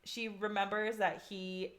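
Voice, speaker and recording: A woman's voice: medium pitch, level tone, unhurried, a bit bright. A woman co-hosting a casual book review podcast, often laughing and acting out characters' lines. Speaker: podcast co-host.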